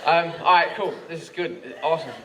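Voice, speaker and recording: A man's voice: on the high side, fairly quick. A young Australian man doing a rambling stand-up comedy set, full of filler words, with bursts of frantic ranting. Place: comedy club stage with laughing audience. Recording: noisy live club recording from a distance.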